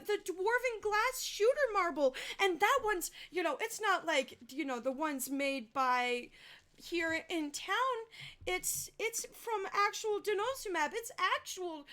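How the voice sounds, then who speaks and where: A woman's voice: extremely high pitch, a little slow, bright, forceful tone, voice pushed up, exaggerated voice. A woman voicing a young lizardfolk girl who rambles and pleads. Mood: tearful. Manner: breathless rambling plea.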